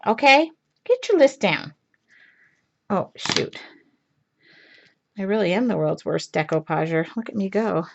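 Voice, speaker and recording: Forties lady crafting live, rambly and giggly, pokes fun at herself, bit high voice, muffled webcam sound. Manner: rambling, laughing, self-deprecating. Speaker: craft livestream host. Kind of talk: casual chatty storytelling while crafting. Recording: lo-fi livestream audio.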